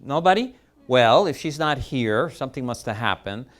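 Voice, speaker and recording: A man hosting a live variety show who makes loud, upbeat announcements to the audience. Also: medium pitch, expressive, normal speed. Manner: loud, upbeat, emcee delivery. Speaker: show host.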